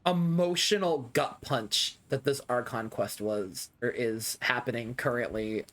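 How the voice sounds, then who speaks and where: A man's voice: mid-range voice, measured pace, a bit bright. A young man streaming a video game live, reacting with dramatic, whiny, self-mocking commentary.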